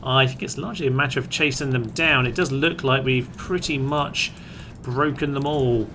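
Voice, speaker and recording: Man, chatty game commentary, bright forceful voice, playful asides, faint background hum. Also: medium pitch, normal speed. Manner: chatty, playful, addresses troops aloud. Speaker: gaming commentator. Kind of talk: let's-play commentary.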